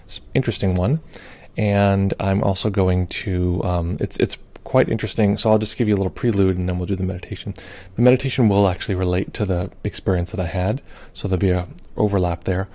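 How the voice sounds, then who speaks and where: Man, very deep voice, gravelly, casual live-stream host, chatty, lots of ums. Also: steady tone, fast talker, mellow. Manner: chatty, reads chat comments aloud, many fillers. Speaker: meditation teacher hosting a live stream. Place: home or studio in Brooklyn.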